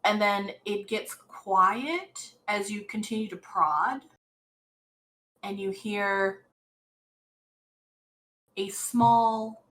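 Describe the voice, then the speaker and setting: A woman running a tabletop role-playing game as game master, narrating slowly with many fillers and restarts. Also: mid-range voice, a bit bright, rough recording.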